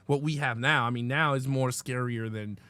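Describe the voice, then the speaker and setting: A man co-hosting a casual film review chat, retelling favorite scenes with animated enthusiasm and casual swearing. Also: medium pitch, normal speed. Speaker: podcast co-host.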